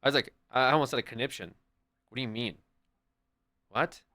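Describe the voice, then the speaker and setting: A man livestreaming and chatting casually with his viewers in a rambling, profane, animated way. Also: medium pitch, fairly quick.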